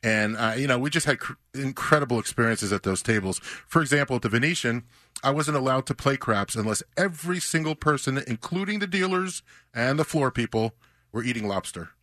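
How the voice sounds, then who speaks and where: Fast-talking man telling gambling stories. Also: mid-range voice, no echo, studio quality. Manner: fast, animated anecdote-telling. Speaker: interview guest, former high roller. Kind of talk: casual storytelling.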